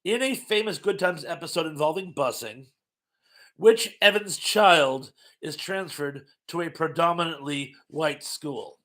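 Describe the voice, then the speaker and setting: A man's voice: fairly high pitch, unhurried, pushed and bright. A middle-aged man hosting a casual live-stream trivia chat, reading out quiz questions and viewer comments, chatty and self-mocking, laughing often and stumbling over his words.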